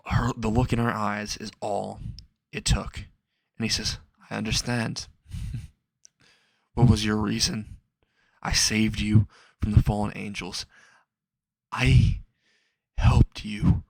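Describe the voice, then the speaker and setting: A man with a low, gravelly voice tells a fan story in a casual, unscripted way. He sometimes stumbles and restarts, and he gives the quoted lines some feeling. The sound is close and dry, with no room echo. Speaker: fan fiction narrator. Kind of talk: reading a fan story aloud.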